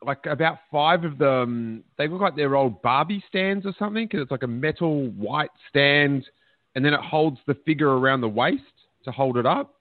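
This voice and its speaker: A podcast host with a fairly high male voice chats casually at a moderate pace, trading joking anecdotes. The sound is dry and lo-fi, like a phone line, with no echo.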